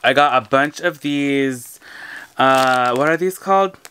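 A man chatting casually as a vlogger out thrift shopping, excitable and full of "like". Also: mid-range voice, unhurried, clean tone. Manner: excitable, chatty, heavy use of "like". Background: background music.

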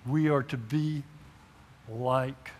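A long church reverb surrounds a middle-aged pastor who talks extremely slowly in a medium-pitched, fairly even voice. During his sermon in the sanctuary, he poses questions to the congregation and acts out conversations he imagines.

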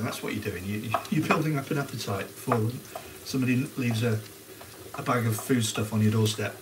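A brisk man of medium pitch hosts a cooking livestream, keeping things casual and greeting viewers by name as he cooks. The background is noisy with onions frying in a pan.

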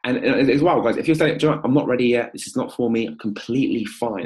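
A man hosting a live-stream coaching pitch, energetic and upbeat, calling out viewers by name.

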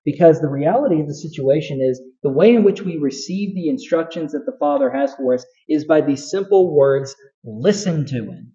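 A man preaches in a conversational way, stumbling over restarts as his emphasis builds. His voice sits fairly high, with a warm, mellow tone. The recording sounds a little dull and lo-fi. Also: a little fast, hardly any pauses. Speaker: pastor. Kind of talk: sermon.

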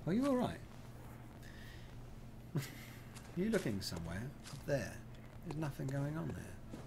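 A man streaming a video game, hamming up a put-on Texas drawl and shouting excitedly at what happens on screen. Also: medium pitch, measured pace, creaky, pauses often, a little hiss or hum. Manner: putting on a joking Texas drawl. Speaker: gameplay streamer. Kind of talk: live let's-play commentary. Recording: game sound in the background.

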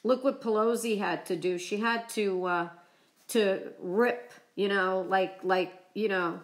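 Woman vlogging live, teary and choked up, talks slow and stops and restarts a lot. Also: medium pitch, fairly even intonation. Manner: emotional, halting, many restarts. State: choked up from crying. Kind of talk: casual live-stream chat.

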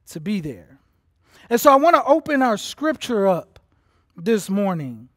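A man preaching a livestreamed sermon as pastor, emotional and building from soft to intense. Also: sits high, dry recording, studio quality. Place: church auditorium.

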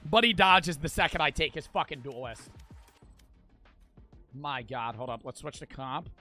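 A man's voice: fairly high pitch, expressive, moderate pace, sharp tone, soft background music. A man live-streaming a game, chatting with his viewers in a profane, ranting way. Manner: profane, ranting, talks to chat. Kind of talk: casual gaming stream chat.

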